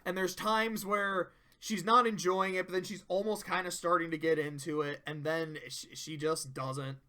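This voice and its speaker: A young man casually reviewing a cartoon episode, talking in a loose, animated way and swearing freely. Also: high voice, moderate pace.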